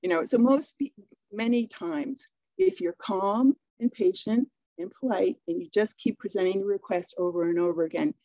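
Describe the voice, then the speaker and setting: A woman's voice: medium pitch, normal speed, dark tone, dry recording, highs cut off. A middle-aged woman from Maine giving a talk, telling stories in a chatty way and acting out bits of dialogue. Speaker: speaker. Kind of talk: webinar talk.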